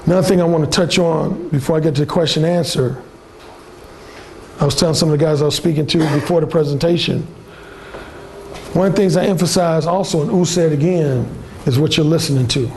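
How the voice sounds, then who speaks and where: A man's voice: on the high side, fairly quick, darkish tone, a little hiss or hum. A man giving a workshop presentation in a blunt, emphatic way. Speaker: workshop speaker. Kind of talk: seminar presentation. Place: conference room.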